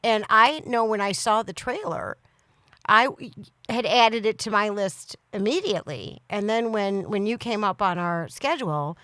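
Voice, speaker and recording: A woman in her fifties, a podcast co-host, chatting and telling stories in a lively way with quick laughs. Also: mid-range voice, no room sound. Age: 50s. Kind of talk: casual interview chat.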